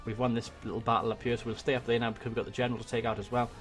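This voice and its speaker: A man from Wales with a Welsh accent, giving excitable let's-play commentary on a strategy game into a desk microphone, swearing and muttering to himself as he plays. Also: mid-range voice, racing, faint music behind. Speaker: gaming YouTuber. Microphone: desk USB microphone.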